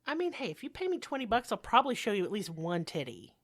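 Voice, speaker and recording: A woman's voice: mid-range voice, huge pitch swings, fast talker, dry recording, studio quality. A woman co-hosting a podcast, chatting casually and joking through the show announcements, rambling with frequent restarts. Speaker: podcast co-host.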